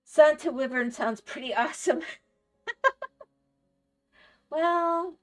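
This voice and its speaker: Her voice is medium in pitch and moves at a normal speed, with soft music in the background. The speaker, a middle-aged woman, chats loosely while gaming on stream, rambling through stories, laughing often and responding to her chat.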